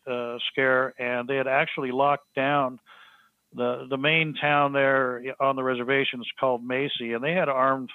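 A man telling a story as a podcast guest, halting with frequent restarts and fillers. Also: mid-range voice, level tone, clear, resonant tone, no echo. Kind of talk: storytelling in casual conversation. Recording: tinny phone-line sound, dry.

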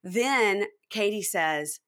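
A woman podcast host in casual chat, animatedly recapping a reality show and acting out the cast's lines. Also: very slow. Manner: animated, acts out cast quotes in high voices.

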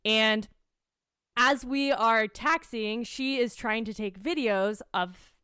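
A woman's voice: a little high, slow pace, clear, resonant tone, dry recording, studio quality. A young woman telling an annoyed story in casual chat, swearing freely. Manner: swears a lot, animated storytelling.

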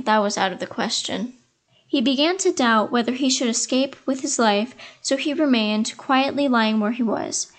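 Lady reading a fairy tale, calm and expressive, bit of a higher voice. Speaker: storyteller. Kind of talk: scripted fairy-tale narration.

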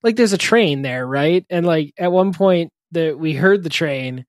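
A man and parent chatting casually, telling funny anecdotes in halting bursts, laughing often and breaking off mid-sentence. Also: fairly high pitch, animated, no room sound, clean studio sound. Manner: chuckling, halting, self-interrupting anecdotes. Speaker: podcast co-host, parent. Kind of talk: casual chat, storytelling.

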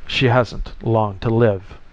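A man voicing a quiet, detached and disillusioned man, on a slightly muffled recording. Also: fairly low pitch, fairly even intonation. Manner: quiet, deliberate.

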